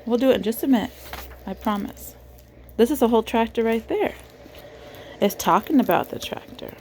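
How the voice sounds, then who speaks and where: A woman reading a picture book aloud to a child in a gentle, animated way, pausing to ask the child questions. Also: fairly high pitch, slight background noise. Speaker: reader of children's books.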